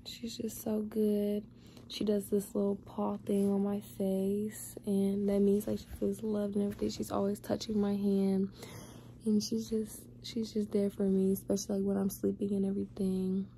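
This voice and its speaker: A young woman vlogging in a casual chat, doting and talking baby talk to her cat, sometimes drifting into soft whispers. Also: medium pitch, monotone, normal speed, slight background noise.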